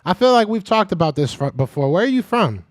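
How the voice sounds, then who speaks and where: A man hosting a live podcast, reading the chat and trash-talking in a casual, animated way; he is a little sick. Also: high voice, quick pace, no room sound, clean studio sound.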